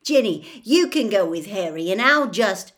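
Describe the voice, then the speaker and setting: A woman's voice: medium pitch, expressive, normal speed, fairly bright tone, lightly acted. A woman voicing a blunt, exasperated teenage boy in an audiobook reading. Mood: irritated. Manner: blunt, pushy. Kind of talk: audiobook character voice.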